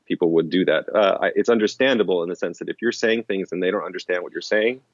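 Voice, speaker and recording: A man's voice: sits low, fast, dry recording, highs cut off. A man as an interview guest, explaining in casual rambling talk full of restarts and fillers. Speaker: interview guest, language-learning author.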